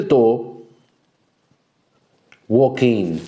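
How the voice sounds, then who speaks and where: Slow low-voiced man narrating a game. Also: darkish tone. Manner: slow, loose storytelling with restarts. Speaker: game master. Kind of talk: narrating a solo tabletop game. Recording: roomy echo.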